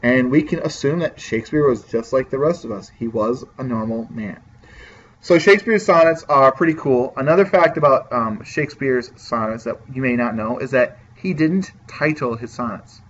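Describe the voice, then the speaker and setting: A man's voice: medium pitch, moderate pace, fairly bright tone, lo-fi sound, slight background noise. A man teaching a class, explaining poetry in a casual, direct way and talking straight to his students.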